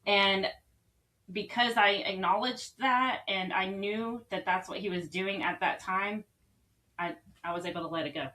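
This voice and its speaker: A woman's voice: medium pitch, measured pace, sharp tone, rough recording. A woman co-hosting a faith talk show, sharing a personal testimony in an earnest, rambling way. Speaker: co-host. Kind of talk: casual faith conversation.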